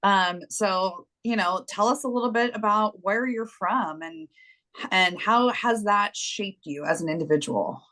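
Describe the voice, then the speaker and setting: A woman's voice: mid-range voice, a little slow, a bit bright, poor audio. A woman hosting an interview, asking her guest questions in an upbeat, curious way. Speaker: host. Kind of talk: casual interview talk.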